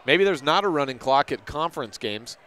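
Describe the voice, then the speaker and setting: A man calling a high school girls' basketball game as play-by-play announcer on local radio, brisk, and correcting himself on names now and then. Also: expressive, a bit bright, clean tone.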